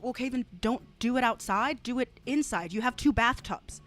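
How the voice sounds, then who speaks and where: A woman's voice: on the high side, moderate pace, dry recording, faint music behind. A woman streamer ranting in casual reaction commentary, swearing freely and often breaking into laughter. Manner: profane, animated ranting with frequent laughter. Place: home, rural area.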